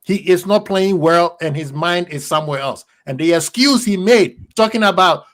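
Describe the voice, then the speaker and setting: Guy ranting about football on a fan show, blunt, slightly high voice. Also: moderate pace. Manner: blunt, emphatic, repeats points. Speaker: football podcast host. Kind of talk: heated fan debate.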